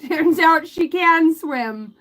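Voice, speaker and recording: A woman's voice: very high voice, animated, slow, fairly bright tone, faint music behind. A woman doing a live tarot and oracle card reading, giggling often, swearing freely and chatting in asides to her spirit guides.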